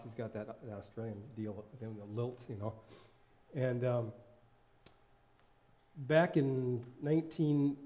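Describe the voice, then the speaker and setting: A man's voice: medium pitch, warm tone. A man giving an informal sermon in church, rambling and laughing often as he corrects himself. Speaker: worship leader and lay preacher.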